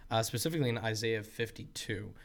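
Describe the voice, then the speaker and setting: A man's voice: lowish voice, quick pace. Earnest man discussing scripture. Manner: earnest, emphatic, frequent restarts. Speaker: podcast co-host. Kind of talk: casual theological discussion.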